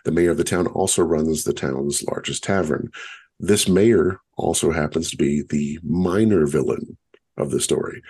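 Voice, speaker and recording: Husky low-voiced man explaining game ideas. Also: a little mellow. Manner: explanatory, measured, storyteller pacing. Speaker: podcast co-host. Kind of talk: casual podcast discussion.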